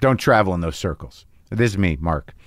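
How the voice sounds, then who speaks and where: A man's voice: low-pitched, lively intonation, moderate pace, no room sound, studio quality. A man hosting a casual chat, rambling and easygoing, with frequent restarts. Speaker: podcast host. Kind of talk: casual chat with a put-on radio host bit.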